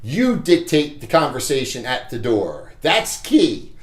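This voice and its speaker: A man's voice: medium pitch, sing-song, measured pace, echoey room. A man coaching salespeople in a blunt, casual pep talk, chuckling between points and often checking in with "okay?". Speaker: Medicare sales trainer. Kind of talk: casual motivational training talk.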